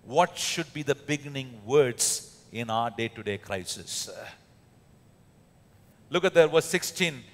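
A man's voice: medium pitch, expressive, slow, long pauses. A man with an Indian accent preaching a sermon as pastor, emphatic, with many fillers and rhetorical questions. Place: church hall. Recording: echoey church hall.

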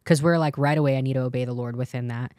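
A woman's voice: extremely low pitch, fairly even intonation, rapid-fire, a little mellow, dry recording, studio quality. A young adult woman telling a personal testimony in an interview, earnest and acting out the lines of the people in her story. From California. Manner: earnest, tells story with quoted dialogue. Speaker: interview guest.

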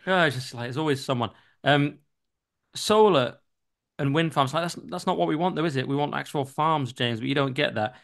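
A man's voice: fairly high pitch, fairly quick, vocal fry, a bit bright. Man, podcast host, blunt, mocking, casual swearing. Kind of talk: political podcast chat.

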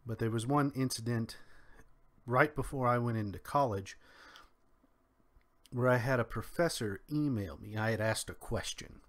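A young man with a faint Kentucky twang giving solo spoken commentary in a measured, drawn-out way with pauses. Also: mid-range voice. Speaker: commentary podcaster.

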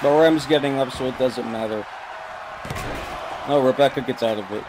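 A man giving casual, reactive commentary on a wrestling video game, swearing and yelling at the screen as he pleads with the characters. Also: mid-range voice, moderate pace. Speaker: gameplay commentator. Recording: game crowd and noise behind voice.

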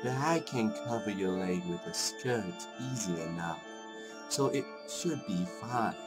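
A hushed, sinister father speaks gently and possessively, put on by a man reading game dialogue. His pitch swings widely between low murmurs and sudden rises, with music playing clearly underneath. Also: animated, measured pace. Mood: eerily gentle. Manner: soft, low, menacing tone.

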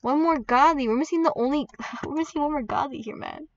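A woman giving chatty, excitable commentary while playing a game, with squeals and laughs as she opens pets. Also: high-pitched, a little fast, far from the mic, muffled recording. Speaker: gaming video creator. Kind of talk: gaming commentary.

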